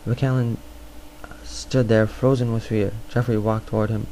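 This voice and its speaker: A man's voice: lowish voice, little pitch movement, unhurried, mellow, a little hiss or hum, low-quality recording. Stumbling man reading aloud. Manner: stumbling, restarts words. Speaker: narrator. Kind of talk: amateur audiobook reading.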